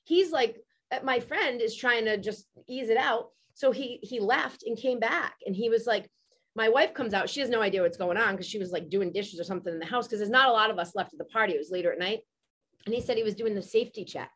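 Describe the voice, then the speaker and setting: A woman hosting a podcast, chatting casually and telling stories with lots of energy and plenty of swearing. Her voice sits a bit higher than most. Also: fast. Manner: animated storytelling, swears freely. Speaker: podcast host. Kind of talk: casual chat.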